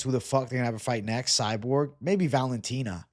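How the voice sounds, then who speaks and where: Hosting a casual livestream, a man reads viewers' chat comments out loud, cracking relaxed jokes with some casual swearing. He speaks briskly in a mid-range voice.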